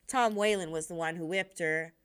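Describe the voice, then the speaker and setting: A woman's voice: fairly low pitch, normal speed, smooth, close to an everyday voice. A woman reading as a wary, proud young woman. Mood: earnest.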